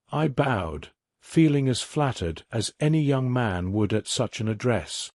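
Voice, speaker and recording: A man narrating a sleep-story audiobook in a calm, measured way. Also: medium pitch, dry recording, studio quality.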